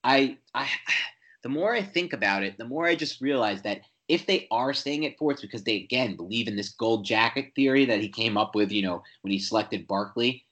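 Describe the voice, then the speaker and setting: A man co-hosting a sports podcast, talking football in an animated, opinionated way with quick restarts. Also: mid-range voice. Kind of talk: casual sports chat.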